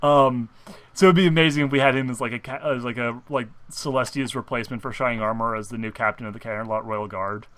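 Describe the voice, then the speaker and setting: A young man with a bright, clear-toned voice chats casually as co-host of a fan show. He rambles, circling back with fillers and restarts, at a middling pitch for a man. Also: fairly even intonation, fast. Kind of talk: casual chat.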